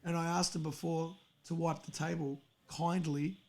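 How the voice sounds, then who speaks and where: A man's voice: a little high, level tone, moderate pace, vocal fry, darkish tone. A young man hosting a podcast, telling a story in a heated, profane casual rant. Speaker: podcast host. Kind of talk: angry casual rant on a stream.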